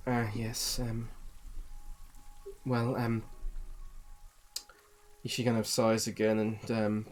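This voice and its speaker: A man narrating as dungeon master in a relaxed, halting way with many pauses. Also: medium pitch, soft background music. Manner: relaxed, halting, lots of ums. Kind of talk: narrating a tabletop game.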